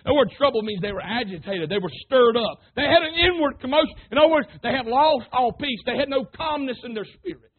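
High-voiced fervent preacher. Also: male voice, expressive, a little fast. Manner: fervent, rising to shouts, addressing the congregation. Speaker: pastor. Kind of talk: sermon. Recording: tinny phone-like sermon recording.

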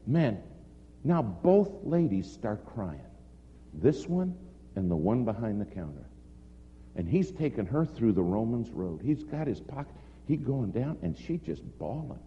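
A man's voice: mid-range voice, sing-song, unhurried. A male preacher telling a story from the pulpit in a dramatic, storytelling way. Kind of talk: storytelling sermon. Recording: echoey hall, dull lo-fi sound with faint noise.

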